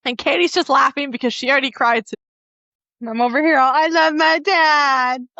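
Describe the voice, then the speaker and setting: A woman's voice: on the high side, pushed and bright, dry recording. A woman co-hosting a book podcast, retelling a fantasy novel's scenes in a casual, emotional way and quoting the characters' lines. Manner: emotional, laughs and chokes up while recounting. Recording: dull lo-fi dry audio.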